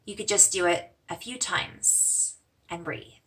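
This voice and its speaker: Gentle woman guiding a breathing lesson. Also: on the low side, far from the mic. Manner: gentle, slows and softens for mantras, fades to whispers. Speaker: breathing exercise teacher.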